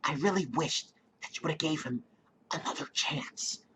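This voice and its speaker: A man voicing a soft-spoken pleading woman in a breathy, hushed whisper. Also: on the high side, normal speed, a little hiss or hum. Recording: dull lo-fi recording.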